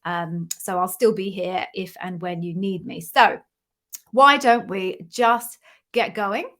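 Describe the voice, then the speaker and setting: A woman's voice: mid-range voice, fairly even intonation, slow, fairly bright tone. A woman from the UK hosting a live Q&A stream, chatty and bubbly, greeting viewers by name in a casual way. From United Kingdom. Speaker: interview coach hosting a live Q&A. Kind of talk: casual livestream chat.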